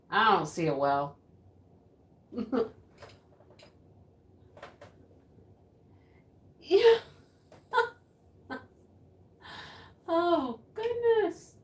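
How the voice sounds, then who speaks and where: A woman's voice: fairly high pitch, full character voice. An actress playing a rambling, easily flustered woman who hosts a home craft livestream and giggles often. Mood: giggly. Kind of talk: sketch comedy character acting. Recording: roomy echo.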